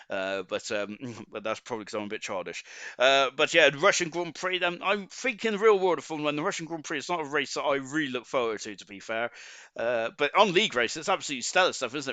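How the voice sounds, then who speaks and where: A man with a Forest of Dean accent, chatting halting and full of ums as he commentates a sim racing league stream and reads out the chat. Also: a little high, bright, forceful tone, clear, resonant tone, no room sound. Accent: Forest of Dean (Gloucestershire) English. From Forest of Dean, England. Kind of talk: live stream race commentary, reading chat.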